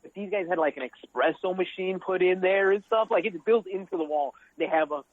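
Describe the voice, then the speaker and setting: Animated high-voiced podcast guest. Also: male voice, brisk, narrow, tinny audio. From South Side of Chicago, USA. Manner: animated, joking, swears casually. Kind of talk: casual podcast chat.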